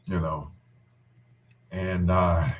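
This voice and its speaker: Low, slow-talking man reminiscing tenderly. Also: flat delivery, slight background noise. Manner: halting, full of restarts and trailing pauses; tender and tearful. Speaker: friend recalling a wedding. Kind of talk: casual heartfelt reminiscing.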